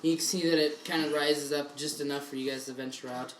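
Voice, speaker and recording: A woman game master narrating a tabletop game in a relaxed way, recorded in an echoey room with background noise. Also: low voice, brisk.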